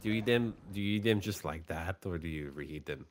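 A man's voice: deep voice, quick pace. A man chatting casually during a game, rambling and joking, often trailing off mid-thought. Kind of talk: casual gaming chat.

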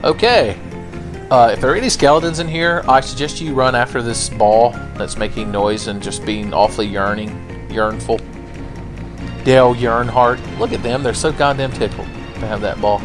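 A man's voice: mid-range voice, moderate pace, over music. A man giving casual, profane, sarcastic commentary while playing a video game. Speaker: gameplay commentator. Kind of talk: casual let's-play commentary.

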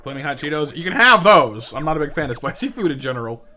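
A man streaming a game with viewers, chatting casually, stumbling over and repeating words, and now and then yelping in high excitement. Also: fast talker, faint music behind. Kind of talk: casual live-stream chat over gameplay.

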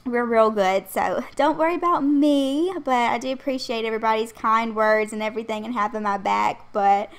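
Young woman, pregnant, fairly high voice, loose rambling voice-over chat, laughs often. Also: moderate pace, hardly any pauses. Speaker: channel host. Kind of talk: casual voice-over chat over a game build.

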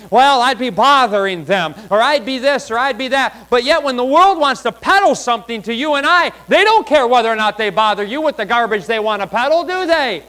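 A preacher with a high, bright, ringing voice. He drives his points hard, then suddenly drops to a hush for asides before climbing again. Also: poor audio. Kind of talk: sermon.

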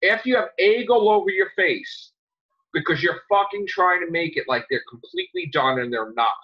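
A man hosting a podcast, ranting angrily with lots of swearing and sudden loud outbursts. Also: high voice, a little fast, breathy edge. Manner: heated, profane, jumps to loud outbursts. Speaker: podcast host. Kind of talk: angry podcast rant. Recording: dull lo-fi sound.

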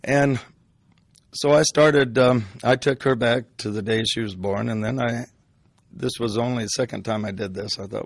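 A man's voice: mid-range voice, fairly even intonation, moderate pace, vocal fry, no echo. An older man telling a personal story in a casual, rambling way, full of restarts.

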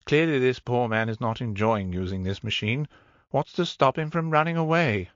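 A man voicing a cool, bored, quietly menacing dominatrix woman who speaks in flat, clipped lines, in a dull, dry audiobook recording. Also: mid-range voice, moderate pace, no room sound, lightly acted.

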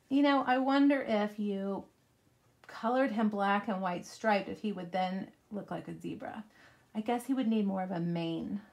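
A middle-aged woman hosting a live crafting tutorial, chatting casually as she colors and cuts. She narrates each step, drifts into side stories and talks straight to her viewers. Her voice sits at an ordinary middle pitch, picked up by a mic at her desk. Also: vocal fry. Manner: chatty, rambling asides while working. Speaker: craft demonstrator.

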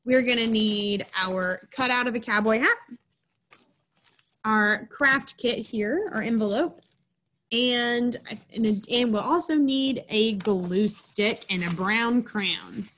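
A woman's voice: a little high, slow, a bit bright, a little hiss or hum. A woman presenting a children's program, reading a picture book aloud and then walking children through a craft in a chatty, instructive way. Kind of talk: storybook reading and craft lesson.

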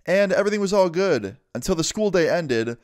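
A man's voice: high voice, lively intonation, a little fast, no echo, studio quality. A young man casually telling a story-time vlog, swearing freely and acting out the people in it. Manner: casual, swears a lot, acts out every voice. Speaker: vlogger.

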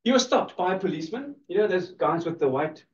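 A man delivers a lively law lecture, teasing his students and laughing along with them. His voice sits high for a man. He is heard from across an echoey room, and the recording sounds dull and lo-fi. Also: quick pace, distant mic. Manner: playful, teasing the audience, laughing often.

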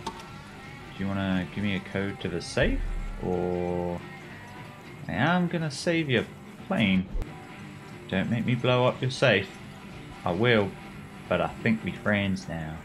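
A man's voice: low-pitched, animated, slow, pauses often, music in the background. A man giving casual, sarcastic, joking commentary while playing a video game. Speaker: gamer.

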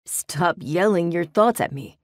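A woman voicing a smug, proud male demon in an audiobook, speaking in curt, flat declarations. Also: lowish voice, a little slow, no echo, studio quality. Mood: stern. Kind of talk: audiobook character voice. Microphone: close studio mic.

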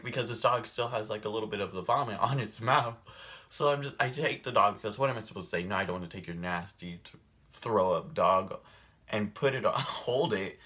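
A young man vlogging at home, telling a funny story in a casual, animated way and acting out the other people's lines. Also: fairly low pitch. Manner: animated storyteller, acts out quoted voices, laughs often. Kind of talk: casual storytelling while doing makeup.

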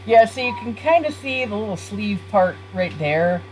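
A woman's voice: medium pitch, expressive, moderate pace, a little mellow, a little hiss or hum, low-quality recording. A woman live-streaming a life-simulation game, chatting casually with her viewers and laughing often. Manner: giggly, chatty, talks to chat.

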